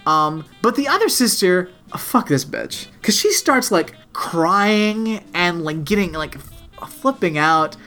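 A podcast co-host chatting casually, voice pitched in the middle range. The talk rambles on, crude and full of "like", while faint music plays behind. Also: lively intonation, slow pace, bright, forceful tone. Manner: rambling and profane, heavy use of "like". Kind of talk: casual chat, retelling a TV episode.

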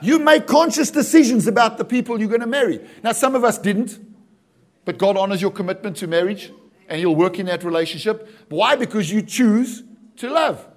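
A middle-aged man preaching a lively sermon, joking and acting out little scenes and calling out "Amen?". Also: sits high, normal speed. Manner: animated, jokey preaching with acted-out asides and calls of "Amen?". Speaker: pastor.

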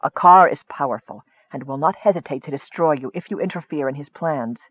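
A man voicing a frail, sickly young male mage who speaks in grim, hushed tones. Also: a little high, brisk, husky, dry recording, muffled recording, voice pushed down.

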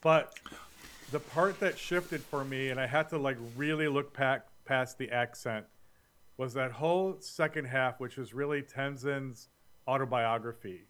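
A man's voice: medium pitch, unhurried, a bit bright, clean tone. A man co-hosting a podcast, chatting casually about a book with blunt, opinionated complaints. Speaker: podcast co-host. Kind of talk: casual book-review chat.

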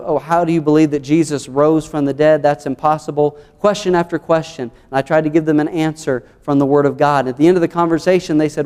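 A man's voice: on the high side, darkish tone, clear, resonant tone, long reverb tail. A man with a Southern American accent, an earnest pastor preaching a sermon through numbered points and scripture. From United States.

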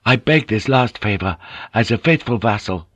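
A man reading an audiobook, voicing a loyal, shrewd samurai vassal who argues in an earnest, quietly authoritative way. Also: lowish voice, animated, moderate pace, dry recording. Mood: pleading.

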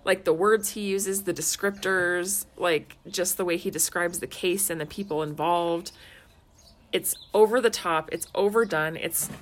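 A woman's voice: fairly low pitch, a little slow, a little hiss or hum. Thirties woman, mom and podcast co-host; loose, laughing, rambling casual chat. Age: 30s. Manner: chatty, laughs often, lots of "like" fillers.

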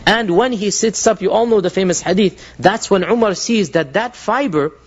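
A man with a fairly high voice gives an earnest religious lecture, telling stories to a live audience. He often restarts his sentences and drops Arabic phrases in as he goes. The recording sounds dull and lo-fi. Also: normal speed.

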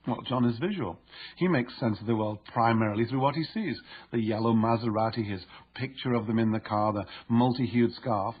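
A man reading his own book aloud as narrator, in a measured, explanatory way. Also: medium pitch, slightly rough, dull audio. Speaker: author and narrator. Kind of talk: audiobook narration.

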